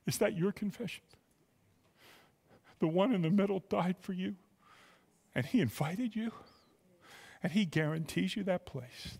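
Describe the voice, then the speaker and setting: A man's voice: high voice, vocal fry, darkish tone, husky. A man preaching a sermon as pastor, emphatic, repeating words and rising with feeling. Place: church sanctuary. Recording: church hall reverb.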